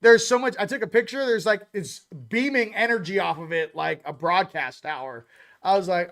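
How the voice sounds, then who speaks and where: A man hosting a casual livestream, giving hyped shout-outs and rambling loosely to viewers. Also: high-pitched, moderate pace. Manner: loose, rambling, repeats "ladies and gents". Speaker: host.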